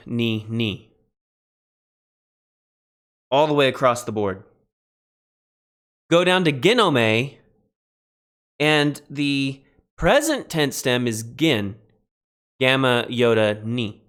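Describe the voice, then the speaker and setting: A man teaching a beginning Greek lesson on a livestream, relaxed and self-deprecating, spelling words out letter by letter. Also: mid-range voice. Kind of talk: livestreamed lecture.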